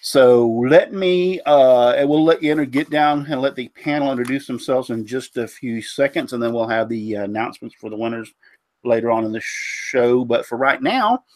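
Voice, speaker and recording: Hosting a laid-back woodworking live show, this man sounds stuffed up from a cold and keeps rambling, filling gaps and fumbling names. His mid-range voice moves at normal speed with a darkish tone, and there's no room sound.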